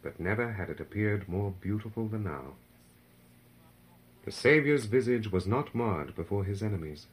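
A man's voice: fairly low pitch, lively intonation, moderate pace, low-quality recording. A man giving a solemn, dramatic reading of a devotional narrative, rising in force for the crowd's cries. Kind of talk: scripted narration of a devotional book.

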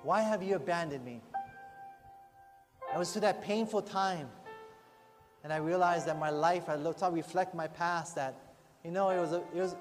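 A man preaching a sermon in a church, earnest and conversational, often adding rhetorical asides to the congregation. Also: sits high. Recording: long hall reverb, faint music behind.

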